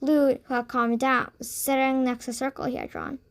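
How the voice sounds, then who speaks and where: A woman narrating a children's audiobook in an expressive read-aloud manner. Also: high voice, a little fast.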